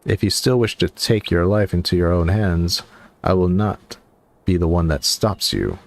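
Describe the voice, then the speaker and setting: A man's voice: low voice, lively intonation, normal speed. A man voicing a weary, sardonic male cave guard, reading game dialogue with grim humor. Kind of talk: game dialogue read aloud.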